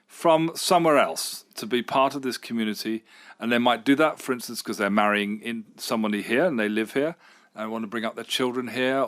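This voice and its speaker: A man's voice: mid-range voice, a bit bright, clean tone. A middle-aged man, a radio station manager, answering interview questions in an enthusiastic, rambling way with fillers and restarts.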